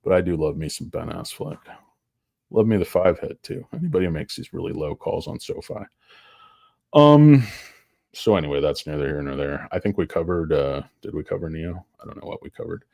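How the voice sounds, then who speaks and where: A man's voice: low voice, expressive, a little fast, vocal fry, warm tone, no room sound, studio quality. A tired man hosting a stock market show, rambling through casual, profane, joking commentary that wanders off topic.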